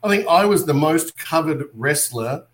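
An Australian man, a wrestler and actor, telling animated stories in a casual interview and acting out other people's lines as he goes. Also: on the high side, moderate pace.

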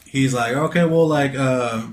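A relaxed man with a mid-range voice spins a story among friends, slangy and swearing freely, laughing as he talks. The sound is roomy, with a clear echo. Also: mid-range voice, a little slow. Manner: laid-back, slangy, profane, laughing while telling a story. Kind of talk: casual chat.

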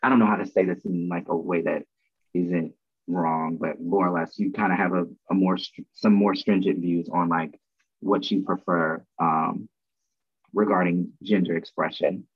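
Podcast host, man, deep and husky, careful hedging delivery, dry phone-line sound. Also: steady tone, moderate pace, no room sound. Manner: thoughtful, hedging. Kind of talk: casual discussion.

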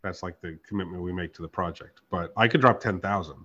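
A man's voice: sits low, fairly quick, sharp tone. A man hosting a podcast, telling a story in casual chat. He swears freely and acts out both sides of every exchange. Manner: profane, storytelling with reenacted dialogue. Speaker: podcast host. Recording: dull lo-fi podcast audio.

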